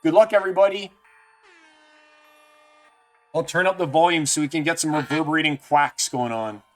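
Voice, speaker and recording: A man's voice: fairly high pitch, normal speed. A man streaming live, chatting casually and jokily with viewers by name. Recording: faint music underneath.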